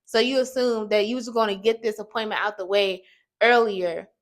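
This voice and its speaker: A young woman vlogger telling an exasperated, animated story to her viewers while doing her makeup. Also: medium pitch, normal speed. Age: young adult.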